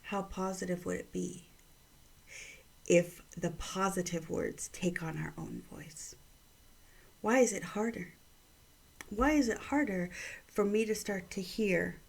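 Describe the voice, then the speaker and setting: A middle-aged woman and mother telling a personal story and offering gentle encouragement, often dropping into soft whispers. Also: medium pitch, slow, creaky, pauses often. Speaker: vlog host giving encouragement.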